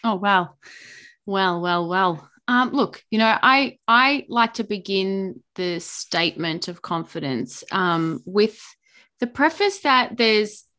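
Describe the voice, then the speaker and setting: Australian woman guest, animated and chatty, middle pitch. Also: slow pace. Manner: animated, chatty, restarts often. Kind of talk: podcast interview.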